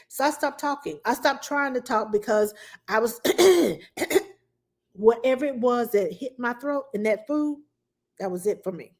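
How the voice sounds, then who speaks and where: A woman's voice: on the high side, darkish tone. A woman hosting a casual advice talk for parents, telling stories chattily with many fillers and asides. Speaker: childcare advice host.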